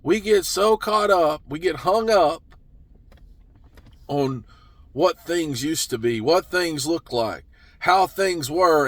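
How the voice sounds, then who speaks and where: A man preaching a sermon, telling the story slowly and earnestly and sometimes dropping to a soft, hushed voice. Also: a little high, no echo. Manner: slow, earnest storytelling with drops to a soft hush.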